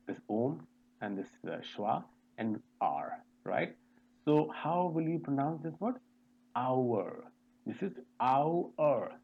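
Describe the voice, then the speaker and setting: A male teacher leads a pronunciation webinar over a video call. He moves slowly and deliberately, and his pitch swings in a lively way as he drills each vowel and spells out words letter by letter. He keeps putting questions to the class. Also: slightly rough, dull audio. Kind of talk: online pronunciation lesson.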